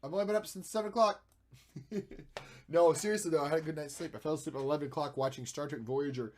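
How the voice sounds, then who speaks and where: A man streaming while he edits photos, chatting and thinking aloud, with playful sound effects and jumps between loud and quiet. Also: fairly high pitch, slight background noise. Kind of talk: casual live-stream commentary.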